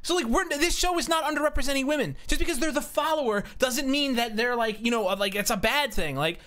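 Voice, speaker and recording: A man's voice: extremely high pitch, fast talker, sharp tone. A man streaming a game, chatting casually in a profane, ranting way. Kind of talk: casual chat while gaming.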